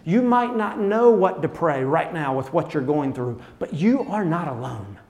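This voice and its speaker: A man preaching a sermon as pastor, earnest, dropping to soft tones and then rising to emphatic points. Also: fairly high pitch, very animated, moderate pace, in a large hall.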